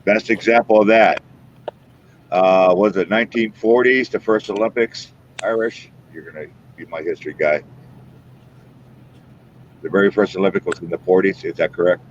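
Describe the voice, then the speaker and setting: Deep male host, folksy drawl, muffled stream audio with faint noise. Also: normal speed, long pauses. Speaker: paranormal show host. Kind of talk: casual live-stream chat.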